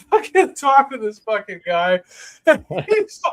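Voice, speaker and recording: A man hosting a casual podcast chat, telling a story in an animated, profane way, laughing and acting out what people said. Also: extremely high pitch, a little slow.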